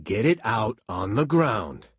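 A man's voice: mid-range voice, big pitch swings, drawn-out words, darkish tone, breathy edge, no echo, studio quality, pitched above the performer's own voice, exaggerated voice. Man doing a barking veteran detective. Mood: commanding. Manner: barking, commanding. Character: hardened older male detective giving orders.

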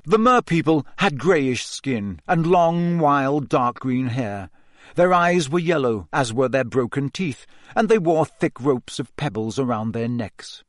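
A man giving a measured, expressive scripted narration of a fantasy novel. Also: medium pitch, dry recording, studio quality. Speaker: audiobook narrator.

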